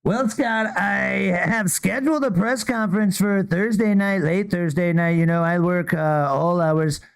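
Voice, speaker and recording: Man impersonating a blustery older politician, high smooth voice, repetitive crowd-pleasing boasts. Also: steady tone, a little slow. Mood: boastful. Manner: repetitive rally-style boasting, addresses "folks". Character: bombastic older male politician, boastful and rambling. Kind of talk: comic impression.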